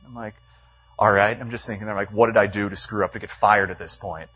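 A man delivering a storytelling sermon in a church meeting room, animated, with many fillers, acting out the quotes in his story. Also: lowish voice, a little fast, husky, muffled recording.

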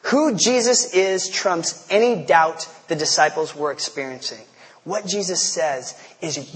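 Male pastor, casual sermon delivery with slangy asides, light high voice, hall echo. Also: measured pace. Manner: conversational, storytelling, slangy asides. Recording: long hall reverb.

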